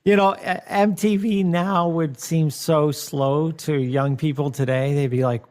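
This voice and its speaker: A man's voice: a little high, fairly even intonation, a little slow, hardly any pauses, a little mellow. A man guest chatting casually, easygoing and rambling, laughing along. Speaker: guest, program director. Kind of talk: casual chat.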